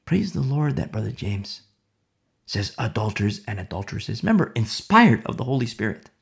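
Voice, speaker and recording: A man preaching a sermon with fervor, swinging between loud exhortation and hushed, whispered prayer. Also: lowish voice, big pitch swings, moderate pace, vocal fry.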